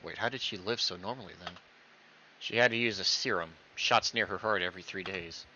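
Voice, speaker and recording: A man's voice: low-pitched, a little fast, bright, forceful tone, a little hiss or hum. A man reading visual novel dialogue aloud, voicing every character himself and acting out the stammers. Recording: dull lo-fi recording.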